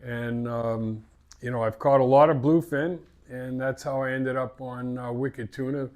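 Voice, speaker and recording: In a casual interview, an older fishing captain from Massachusetts rambles through his stories with a Boston accent, often repeating words. He speaks at a measured pace in a steady, medium-pitched voice with a somewhat dark tone.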